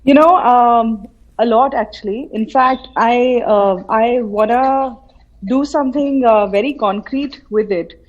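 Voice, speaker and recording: A woman's voice: fairly high pitch, measured pace, muffled recording. A woman from central India, a guest in a remote interview, telling a story with animation and quoting remembered voices. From Madhya Pradesh, India. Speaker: guest, film artist. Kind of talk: casual interview. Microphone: remote call from her home city.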